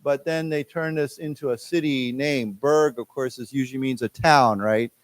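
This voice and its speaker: A man's voice: mid-range voice, no room sound. Patient male English teacher, dry sound. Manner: patient, explains simply, drills words slowly with the class. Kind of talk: classroom lecture. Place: library lecture room.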